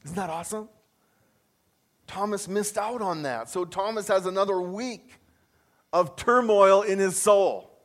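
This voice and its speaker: A male pastor preaching a lively sermon, repeating key phrases and putting questions to his congregation. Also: sits high, unhurried.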